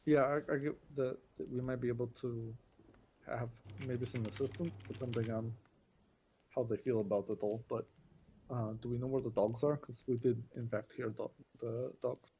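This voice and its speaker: A man at a tabletop game speaks in a cautious, hesitant way, padding his questions with fillers. His voice is mellow and dark, with faint noise behind him. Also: mid-range voice, fairly even intonation, moderate pace. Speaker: player. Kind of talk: casual chat at a game table.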